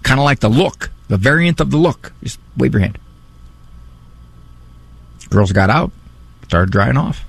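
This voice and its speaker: Man, radio host, gravelly, dry studio mic, wry conversational talk. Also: mid-range voice, lively intonation, no room sound. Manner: wry, musing, drawn-out phrasing. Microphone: studio microphone.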